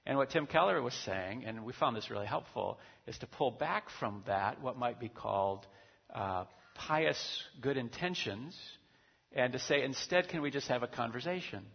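A husky-voiced male pastor preaches in a loose, conversational way, stopping often to check in with his listeners. His voice sits at an ordinary pitch. It carries a long reverb tail from a large hall, and the recording sounds dull and muffled. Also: expressive, measured pace. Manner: conversational, chatty preaching with many asides. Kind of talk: sermon.

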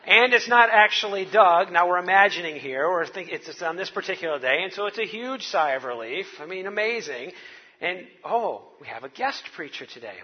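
A man's voice: sits high, expressive, moderate pace, slightly rough, long reverb tail, lo-fi sound. A man preaching a sermon to his congregation, telling it like a wry, conversational story. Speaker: pastor.

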